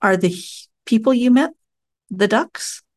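A woman podcast host asking thoughtful, measured questions with some hesitation. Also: fairly high pitch, animated. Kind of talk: conversational interview.

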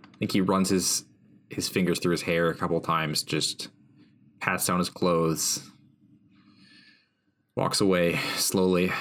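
A man playing a tabletop game, quietly and deliberately describing what his character does. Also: deep voice.

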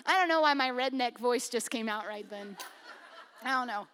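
A woman pastor giving a sermon in a conversational, humorous way. She swings from loud emphasis down to hushed, intimate lines. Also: a little high, expressive, moderate pace, slight background noise.

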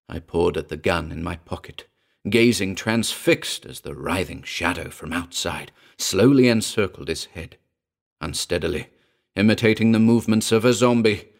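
A man narrating a first-person horror story in a slow, grave, measured delivery. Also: fairly low pitch, vocal fry. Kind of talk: dramatic horror story reading.

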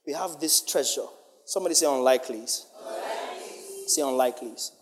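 A male preacher delivering a sermon, emphatic and playful, swinging from loud outbursts to hushed lines. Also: mid-range voice, quick pace, noisy background. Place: church hall. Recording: long reverb of a large hall.

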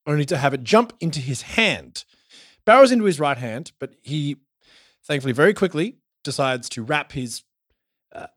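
Animated Australian man, lively pitch. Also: no room sound, clean studio sound. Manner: animated storytelling with swearing. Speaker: podcast co-host. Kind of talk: casual chat recapping a show.

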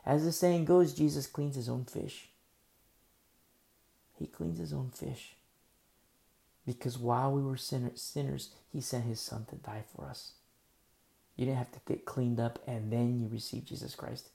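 Gravelly, deep-toned male preacher. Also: fairly even intonation, unhurried, long pauses, dark tone. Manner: vivid storytelling, conversational with many fillers; acts out dialogue of biblical scenes. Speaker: pastor. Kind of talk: sermon.

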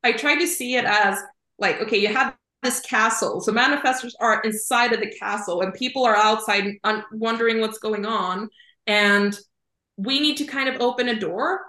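A woman's voice: on the high side, moderate pace, pushed and bright, reverberant. A woman guest, a Human Design coach, explaining ideas in casual chat with picture-like examples and a lot of "kind of" and "like". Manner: thoughtful, explains with images, says "kind of" and "like" often.

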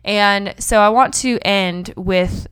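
A woman's voice: mid-range voice, slow pace, fairly bright tone, smooth. A young woman hosting a faith-based motivational podcast, chatty and upbeat with preacher-like emphasis. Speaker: podcast host.

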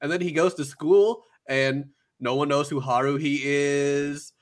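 A man co-hosting a casual podcast, retelling a film with lively acted-out quotes. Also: fairly high pitch, unhurried. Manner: animated storyteller, jumps into character voices. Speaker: podcast co-host.

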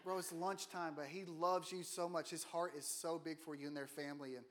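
A man's voice: on the high side, fairly even intonation, a little fast, a bit bright. A man giving a casual, joking sermon in a church, often putting questions to the congregation. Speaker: guest preacher. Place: church auditorium.

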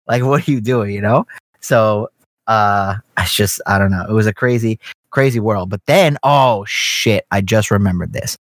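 A man's voice: fairly low pitch, normal speed, no echo. Rambling, cursing New guy. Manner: profane, rambling storyteller. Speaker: podcast co-host. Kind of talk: casual chat.

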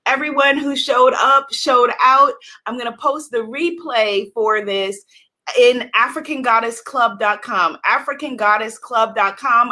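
Exuberant woman hosting a spiritual livestream. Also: fairly high pitch. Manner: exuberant, greets viewers by name, swings to soft meditative guidance. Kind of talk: livestream circle with guided breathing.

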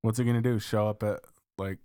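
A man's voice: fairly low pitch, steady tone, a little fast, warm tone, clear, resonant tone, dry recording. Dry, blunt male co-host. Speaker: podcast co-host. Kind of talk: casual chat.

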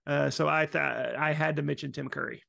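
A man contributing to a casual podcast segment, enthusiastic and halting, with frequent restarts. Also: on the high side, fairly even intonation, creaky, sharp tone, no room sound, clean studio sound. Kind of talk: casual chat.

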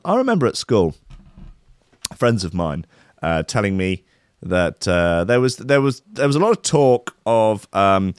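Casting a male host: low-voiced, dry sound, sarcastic and rambling. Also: clear, resonant tone, dry recording. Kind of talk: comic news chat on a live stream.

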